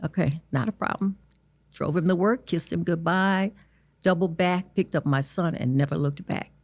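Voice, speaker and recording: A middle-aged woman telling her life story as an interview guest, earnest and halting, with many restarts. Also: fairly low pitch, a little mellow, no room sound.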